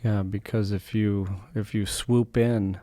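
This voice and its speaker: A man co-hosting a casual podcast conversation, reflecting on ideas and chuckling softly between his points. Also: on the low side, steady tone, slow, no echo. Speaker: podcast co-host.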